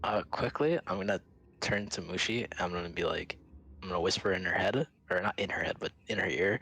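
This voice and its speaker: Brief: deep-ish male player, loose and joking, lots of fillers. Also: brisk, bright, forceful tone, rough recording. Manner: rambling, jokey. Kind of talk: casual tabletop play.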